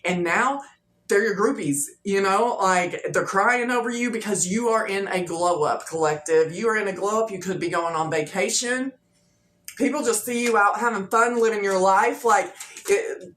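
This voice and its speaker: Woman, tarot reader, casual chatty delivery, fillers and repeats, mid pitch, echoey room. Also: normal speed, a bit bright. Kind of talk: casual tarot reading for viewers. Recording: echoey room with faint noise.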